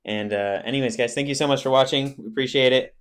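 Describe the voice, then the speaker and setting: Male host, relaxed and easygoing, casual chat. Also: medium pitch, fast, clear, resonant tone. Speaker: podcast host.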